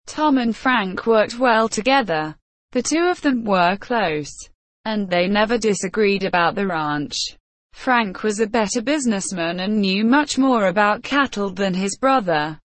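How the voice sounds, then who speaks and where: A woman reading a story aloud as narrator, telling it slowly and evenly, with light voices for the characters. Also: mid-range voice, dry recording. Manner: slow, even storytelling with small character voices. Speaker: audiobook narrator. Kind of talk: scripted narration.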